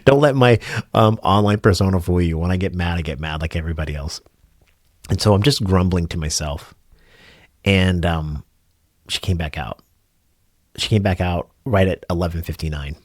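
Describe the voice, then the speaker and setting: Man, middle-aged, very low voice, dry close sound, earnest rambling vlog talk. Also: moderate pace, pauses often, no echo. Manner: earnest, rambling with fillers and restarts. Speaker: rideshare driver and channel host. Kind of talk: casual reflective talk to camera.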